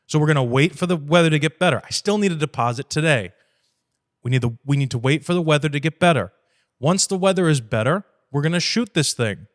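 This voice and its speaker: A man hosting a podcast, speaking bluntly and profanely, lively, acting out conversations with clients. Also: fairly high pitch. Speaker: podcast host. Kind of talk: casual podcast talk.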